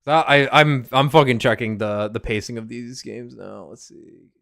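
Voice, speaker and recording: A man's voice: mid-range voice, fairly even intonation, normal speed, creaky, a bit bright. A man streaming a game in casual commentary; he rambles, swears freely and stammers on restarts.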